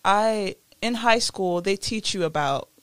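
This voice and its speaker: A woman with a mid-range voice co-hosts a podcast, telling her story in an earnest way. She breaks into quick laughs now and then, and the sound is close and dry. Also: mid-range voice, clean tone, dry recording. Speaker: podcast co-host. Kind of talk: casual chat.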